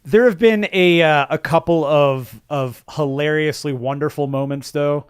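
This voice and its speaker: Middle-aged male co-host, casual game chat, higher pitch, rambling delivery. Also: unhurried, clear, resonant tone, no room sound, clean studio sound. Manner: rambling, many restarts and fillers. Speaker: podcast co-host. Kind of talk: casual chat about video games.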